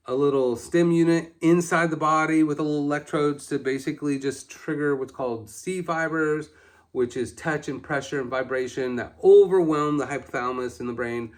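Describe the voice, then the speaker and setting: A man in his forties, a doctor presenting a patient case in a casual, candid way, self-deprecating and full of fillers. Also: a little high.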